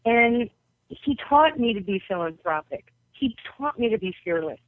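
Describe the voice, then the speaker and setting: Her voice sits a little high, with lively intonation, a normal pace and no echo, carried over a tinny, dry phone line. A New York basketball coach on a podcast, she shares personal stories in the interview and acts out the voices of those she quotes.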